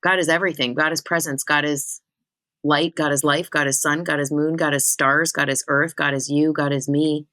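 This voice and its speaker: A woman hosting her own spiritual podcast, talking in a chatty, animated and self-teasing way. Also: low-pitched, moderate pace, no echo. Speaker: spiritual medium and podcast host. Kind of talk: casual solo podcast talk.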